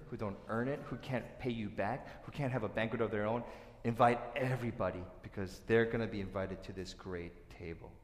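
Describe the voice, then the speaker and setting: A man preaching a sermon, acting out quoted voices and swinging from loud outbursts to hushed lines. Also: lowish voice. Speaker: pastor. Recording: echoey hall.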